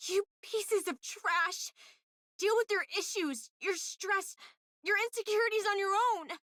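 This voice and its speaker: An actress voicing a fierce young woman protecting her pop star friend in a game, shouting and emotional. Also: very high-pitched, lively intonation, slow, dry recording, clean studio sound, exaggerated voice. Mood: furious. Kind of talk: game voice acting.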